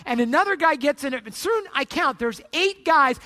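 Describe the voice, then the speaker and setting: Bright-voiced pastor telling a story. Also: high-pitched. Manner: animated storyteller, rising loud when retelling chaos; trails off into soft, slow appeals at the close. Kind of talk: sermon with a personal story.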